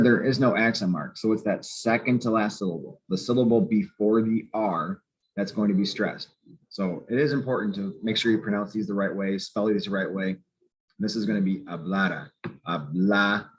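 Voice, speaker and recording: Methodical low-voiced male language teacher. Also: poor audio. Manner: patient, methodical, repeats key points. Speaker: Spanish teacher. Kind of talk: explaining grammar lesson.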